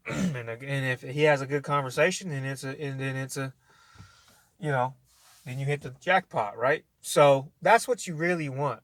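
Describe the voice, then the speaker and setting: A vlogger with a fairly high, slightly bright voice, recorded without echo, rants casually to camera. Blunt, profane, and argumentative, he rambles with many restarts and talks straight at the listener.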